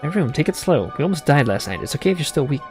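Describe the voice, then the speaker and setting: A man's voice: on the high side, sing-song, racing, music in the background. Shy young woman guide, hesitant and stammering, read by a man streaming the game. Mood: earnest. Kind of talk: reading a visual novel aloud.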